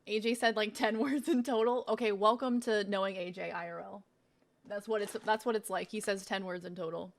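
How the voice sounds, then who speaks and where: With a mid-range, creaky voice and fairly even intonation, a young woman speaks briskly on a casual unboxing stream. She tastes snacks, talks with her mouth full, laughs, and swears plenty.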